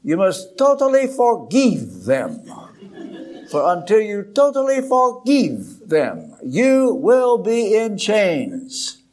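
A preacher voicing an old Romanian male friend with a Romanian accent, giving slow, solemn, emphatic commands. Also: sits high, huge pitch swings, darkish tone, pitched above the performer's own voice, full character voice. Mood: stern urging.

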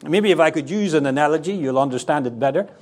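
A male preacher with a high-pitched voice delivers a lively sermon. He leaps up and down in pitch as he acts out the voices of the people he describes. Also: quick pace. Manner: animated, acts out quoted voices with sharp pitch swings.

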